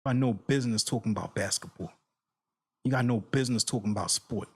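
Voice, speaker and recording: A man hosting a sports reaction channel launches into an angry solo rant, speaking fast in a fairly low voice with a breathy edge. He addresses viewers directly, swearing heatedly and repeating his points for emphasis.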